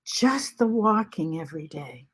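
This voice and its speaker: Slow-talking woman in her seventies. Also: deep voice, sing-song, a bit bright, slightly rough. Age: 70s. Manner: halting, with many ums and restarts. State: short of breath after covid. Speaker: vlog host. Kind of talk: casual spoken reflection. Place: at home.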